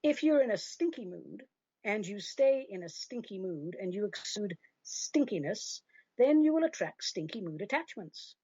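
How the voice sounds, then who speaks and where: Husky, lively woman radio host. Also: mid-range voice, normal speed, no room sound, muffled recording. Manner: chatty, emphatic, lively and opinionated. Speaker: host answering listener questions. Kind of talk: radio advice talk.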